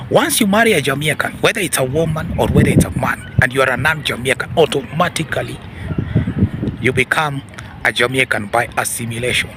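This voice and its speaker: A man hosting a casual commentary talk, repeating himself and often calling out "ladies and gentlemen" with questioning hmms and huhs. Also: a little high, noisy background. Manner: repetitive, addresses audience as ladies and gentlemen; peppers talk with hmm and huh. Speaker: commentary channel host.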